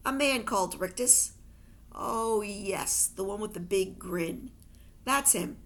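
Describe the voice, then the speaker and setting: A woman reading a novel aloud, voicing a calm, knowing girl with frizzy hair. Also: medium pitch, slow pace.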